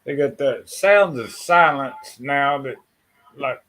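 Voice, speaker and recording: A man's voice: mid-range voice, slow pace, fairly bright tone, low-quality recording. A man hosting a casual chat, folksy and self-deprecating, with casual swearing.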